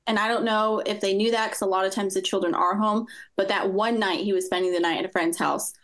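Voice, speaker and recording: A woman's voice: medium pitch, fairly even intonation, fast, fairly bright tone. A woman in her thirties, a guest telling her own story in an interview, candid and blunt, with some swearing.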